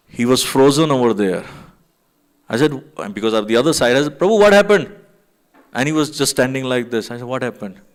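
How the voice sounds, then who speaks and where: A man in a temple hall tells a gathering about an old memory at a middle pitch. He rambles through it with plenty of fillers and acts out the lines of the people in his story. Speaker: devotee sharing memories. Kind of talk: anecdote to a gathering.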